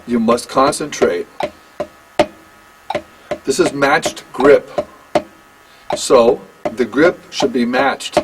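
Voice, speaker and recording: Older male drum teacher, halting and chatty, counts beats aloud; slow delivery, audible background hiss. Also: medium pitch. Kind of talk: one-on-one drum lesson.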